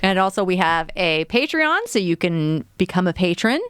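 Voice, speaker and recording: A woman co-hosting a family comedy podcast with upbeat, quick reactions and sign-offs. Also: lowish voice, very animated, a bit bright, clear, resonant tone, no echo, studio quality. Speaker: podcast co-host. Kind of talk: casual comedy podcast chat.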